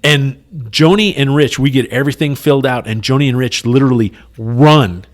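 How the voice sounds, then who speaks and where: A man chatting on a podcast, retelling a stressful day in a loose, animated way. He acts out what everyone said and fills the gaps with "you know" and "right?". His voice sits in a plain, middle pitch. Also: fairly quick. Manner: animated, retells scenes in quoted dialogue, many "you know" fillers. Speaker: podcast co-host. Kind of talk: casual storytelling chat.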